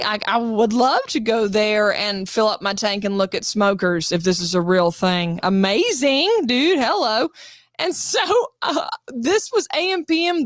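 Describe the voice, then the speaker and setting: A fairly high-voiced woman tells lively stories from her acting jobs, jumping into quoted voices and cursing freely. The sound is dry and close on a podcast mic. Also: no echo. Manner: animated, swearing, acting out quotes. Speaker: guest actress. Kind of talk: casual storytelling interview.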